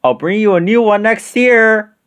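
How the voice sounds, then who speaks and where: A man voicing a jolly old Santa Claus in a storybook reading, drawing his words out slowly. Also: a little high, big pitch swings, mellow. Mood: merry. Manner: slow, drawn-out exclaiming.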